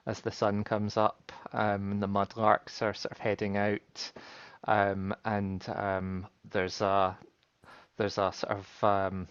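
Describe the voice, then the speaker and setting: Male player, slow and hesitant, smooth low voice on a dry, slightly muffled mic. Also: monotone, no room sound. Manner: halting, filler-heavy storytelling. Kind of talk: narrating a tabletop game.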